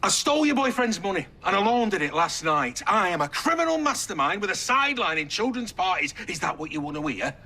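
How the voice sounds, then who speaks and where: A jokey, theatrical mum's boyfriend. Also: male voice, mid-range voice, sing-song, moderate pace, pushed and bright, breathy edge, exaggerated voice. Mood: indignant. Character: breezy middle-aged man, mum's defensive new partner. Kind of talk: TV soap drama acting.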